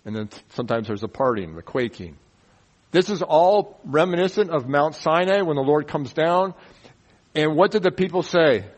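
A man with a slightly high voice teaching the Bible verse by verse. He keeps it animated, firing rhetorical questions and punctuating points with playful sound effects. Folksy, humorous asides break up the teaching. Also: normal speed, highs cut off.

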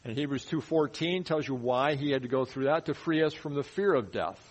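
A man teaching verse by verse through a Bible passage in a conversational sermon, often dropping his voice low to stress a point. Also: a little fast, poor audio. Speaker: pastor. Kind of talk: expository sermon.

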